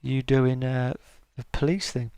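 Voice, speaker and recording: A man's voice: medium pitch, little pitch movement, unhurried, dark tone, clean tone, no room sound. A middle-aged man hosting a casual live-stream chat, greeting viewers by name and calling them mate.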